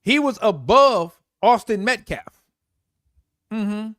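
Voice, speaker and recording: A man hosts a live online show and comments on a video as it plays. His voice sits high, animated and full of jokes, and he talks directly to the viewers. The mic sound is dry and close. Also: slow pace, no room sound. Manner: animated, joking, talks to viewers as y'all and folks. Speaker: livestream host. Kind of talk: live commentary on a played clip.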